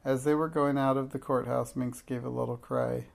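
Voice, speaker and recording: A man's voice: medium pitch, level tone, moderate pace, gravelly. A man reading a children's storybook aloud, giving the characters light voices. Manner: gentle, reads children's dialogue with light voices. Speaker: narrator.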